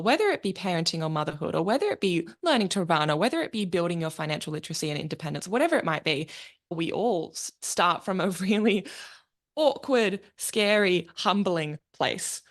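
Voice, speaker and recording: A woman who works as a speaking coach, chatting as a podcast guest in an enthusiastic, expressive way and swearing freely. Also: fairly low pitch. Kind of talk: casual interview chat.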